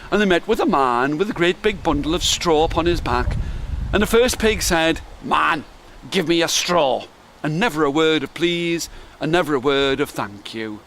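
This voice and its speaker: Older man, bedtime storyteller, bright tone, faint noise. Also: fairly high pitch, normal speed. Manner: soft animated reading. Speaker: grandparent storyteller.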